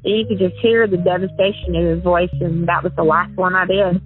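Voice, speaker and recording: A former prank caller is interviewed casually over a phone line about her past, talking in a rambling, confessional way and interrupting herself. Her lowish voice has little pitch movement and moves a little fast, with soft music in the background.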